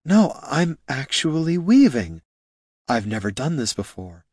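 A man voicing a frustrated, exhausted young female mage who talks in a soft, strained, exasperated voice. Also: medium pitch, big pitch swings, unhurried, no room sound. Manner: breathy exasperated pleading.

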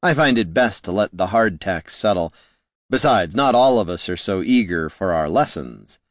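A man's voice: deep voice, lively intonation, moderate pace, no room sound, studio quality. A man voicing a smug, flamboyant male bard who teases in an airy, sing-song way. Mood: teasing.

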